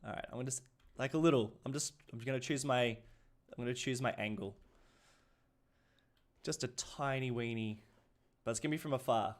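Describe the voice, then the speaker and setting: A man's voice: medium pitch, fairly quick. Aussie guy rambling on a livestream, chatty, laughs a lot, trips over his words. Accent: Australian. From Australia. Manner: chatty, laughing, many restarts. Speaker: streamer. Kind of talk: casual livestream chat.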